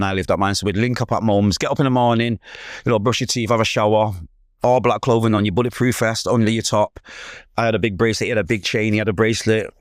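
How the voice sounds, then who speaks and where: A man with a Manchester accent, a guest telling stories in an interview, animated and acting out other people's voices. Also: fairly low pitch, no room sound, studio quality. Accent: Manchester English. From England. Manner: animated, acts out quoted voices. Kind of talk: storytelling interview.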